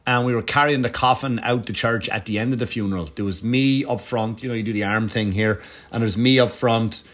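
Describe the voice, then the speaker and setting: Irish man, middle-aged, comedian, casual profane storytelling, lively asides. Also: medium pitch, a little fast. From Ireland. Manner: profane, animated anecdotes with frequent asides. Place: home, dog nearby.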